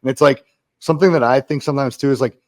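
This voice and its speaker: A man's voice: medium pitch, fairly even intonation, fast, darkish tone. Blunt, profane male podcast guest. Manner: blunt, profane, laughs easily. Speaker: podcast guest, former Marine. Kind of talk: casual podcast conversation.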